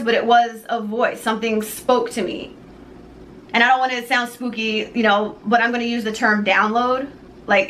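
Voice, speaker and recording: A woman earnestly telling a personal faith story to the camera, halting and pausing often. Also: fairly high pitch, pushed and bright, slight background noise, low-quality recording. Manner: earnest, halting, with many pauses. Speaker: jewelry maker sharing a personal story.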